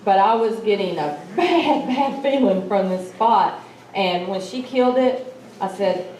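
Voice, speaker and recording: A woman's voice: mid-range voice, measured pace, warm tone. A woman telling a personal encounter story at a symposium, acting out the lines she quotes. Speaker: symposium speaker. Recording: echoey hall, mic far off.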